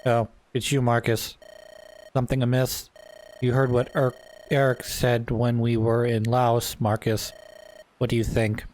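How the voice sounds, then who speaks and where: A man reading the lines of a gentle young male noble in a game, worried and hesitant. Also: mid-range voice, completely flat delivery, a little slow, slight background noise, lightly acted. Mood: anxious.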